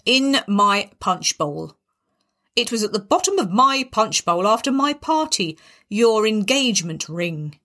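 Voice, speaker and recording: A woman voicing a booming, menacing mother-in-law. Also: expressive, unhurried, sharp tone. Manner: booming, then sugary and menacing.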